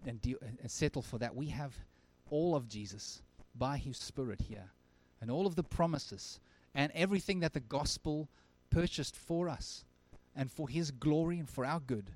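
A male pastor preaching a sermon at a church service, earnest, swinging from emphatic lines to very quiet ones. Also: medium pitch, moderate pace, few pauses.

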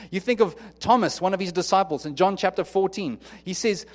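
Preaching a sermon, a pastor speaks in a high voice, a little fast with few pauses. He's earnest and conversational, often restarting sentences and acting out what people might say.

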